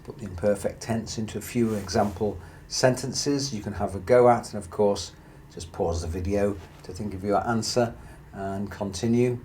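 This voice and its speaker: A man teaching a grammar lesson, explaining slowly and carefully and reading out example sentences. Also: lowish voice, a little mellow, slight background noise. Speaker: Spanish teacher.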